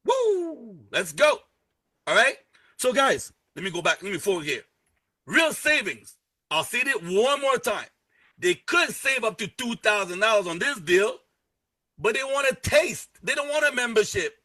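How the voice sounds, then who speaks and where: A man giving an energetic live sales pitch, repeating key words and joking with his chat audience. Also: normal speed. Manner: energetic, repetitive, salesy, playful asides. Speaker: presenter pitching a travel membership.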